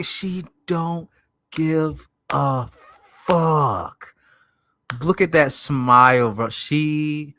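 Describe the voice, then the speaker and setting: A man's voice: medium pitch, slow, bright, forceful tone, no echo, clean studio sound. Swearing man reacting to a video. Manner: incredulous, swears heavily, says "bro". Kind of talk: profane reaction commentary.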